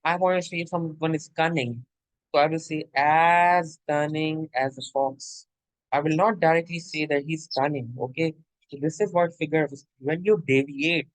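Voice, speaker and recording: A man's voice: on the high side, no echo, rough recording. Man lecturing in a dry close voice. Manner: repeats points, frequent "okay?" check-ins; addresses listener as "my dear". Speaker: literature teacher. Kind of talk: explanatory lecture.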